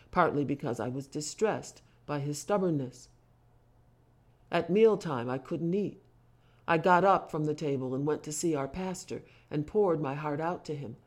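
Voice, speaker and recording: A speaker reading long passages from a book aloud with brief commentary, growing louder and more emphatic at quoted speech. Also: mid-range voice. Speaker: reader discussing a book.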